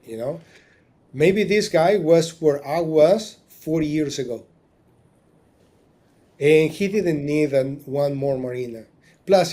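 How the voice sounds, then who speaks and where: A man with a slightly high, dark voice, who runs a marina business, shares his story as a guest in a casual interview-style podcast. He gets emotional at points, acts out quoted dialogue, and often starts his sentences over.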